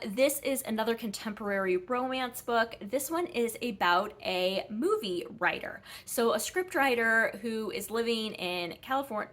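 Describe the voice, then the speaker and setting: A woman's voice: medium pitch, a bit bright. Chatty woman rambling through book reviews. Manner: chatty, rambling, frequent ums and self-corrections. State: a little out of breath. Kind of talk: casual book review chat.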